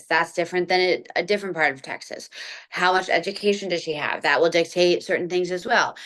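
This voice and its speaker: Low-voiced actress answering at length. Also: female voice, fairly bright tone. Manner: thoughtful, expansive answers with frequent fillers. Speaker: actress interviewed about her film. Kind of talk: conversational interview.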